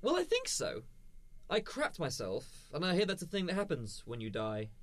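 A bumbling, chirpy English host, played by a man with a high, lively voice that bounces around. He stays cheerful and a little flustered. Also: moderate pace. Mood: sheepish. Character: bumbling husband and metal show host. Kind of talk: sketch comedy acting.

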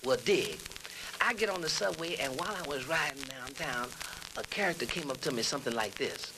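A man's voice: medium pitch, lively intonation, brisk. A male comedian telling a storytelling routine in jive slang, on a crackly old record.

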